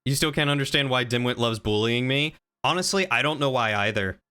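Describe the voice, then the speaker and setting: Bright, clear-voiced male streamer. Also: medium pitch, fairly quick. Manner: playful, rambling, answers chat with teasing. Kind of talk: casual live-stream chat.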